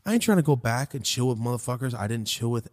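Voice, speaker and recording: A man hosting a podcast, telling a story in a loose, profane, rambling way while high. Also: lively intonation, quick pace, darkish tone, dry recording, clean studio sound. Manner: profane, rambling, laid-back. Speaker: podcast host. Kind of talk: casual storytelling.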